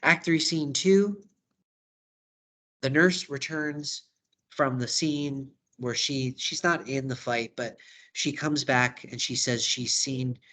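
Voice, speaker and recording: A man's voice: a little high, a bit bright. A man teaching drama, walking through a study guide in a casual, conversational way. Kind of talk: lesson recap video.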